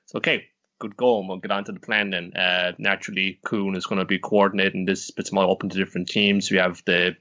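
A man co-hosting a casual recap chat, talking in a halting way with frequent pauses and restarts. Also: sits low, level tone, sharp tone, dull audio. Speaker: podcast co-host.

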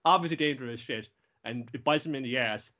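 A man's voice: medium pitch, brisk, pushed and bright. A young man hosting a podcast, rambling casually through an anime recap with lots of swearing and fillers. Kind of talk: casual chat. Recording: dull lo-fi recording.

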